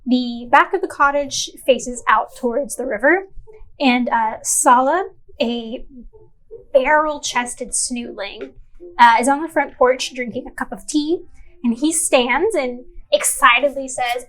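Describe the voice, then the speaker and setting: A woman narrating a tabletop role-playing game as game master, unhurried and descriptive with fillers. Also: high voice, fairly bright tone, low-quality recording.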